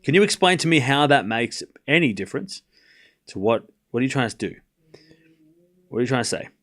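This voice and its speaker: A man's mid-range voice, a bit bright, with big pitch swings. He's calling the score at a live tennis watchalong and chatting casually with viewers. He addresses his live chat directly in a chatty way, with quick asides and restarts.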